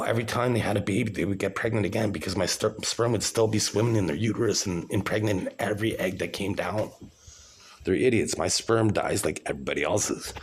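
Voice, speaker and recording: A man talking to camera in a rambling, grandiose vlog monologue, with frequent restarts and repeated words. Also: low-pitched.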